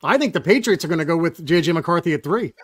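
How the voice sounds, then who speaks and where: A man co-hosting a casual sports podcast, opinionated, with quick short agreements. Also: on the high side, expressive, husky. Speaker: podcast co-host.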